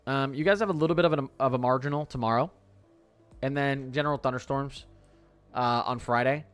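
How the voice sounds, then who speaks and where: Excitable young male weather streamer. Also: medium pitch, fairly quick, clean tone, faint music behind. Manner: chatty, excitable, heavy use of "like". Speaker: weather livestream host. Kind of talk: casual live-stream chat.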